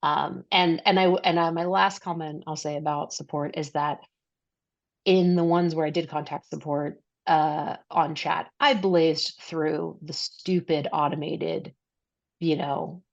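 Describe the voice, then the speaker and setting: A woman's voice: low-pitched, fairly even intonation, gravelly, dry recording. A woman co-hosting a casual podcast chat, talking in rambling stretches with fillers and restarts. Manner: rambling, many fillers and restarts, quick bursts. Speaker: podcast co-host. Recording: dry, slightly dull lo-fi mic.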